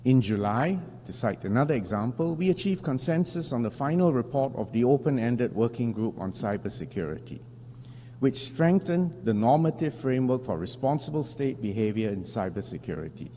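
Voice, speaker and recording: A man, a foreign minister, delivers a formal speech at an international assembly in a measured, deliberate way, pausing for emphasis and correcting small slips. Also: medium pitch, sing-song, dark tone. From Singapore. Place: large assembly hall. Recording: long hall reverb with faint hum.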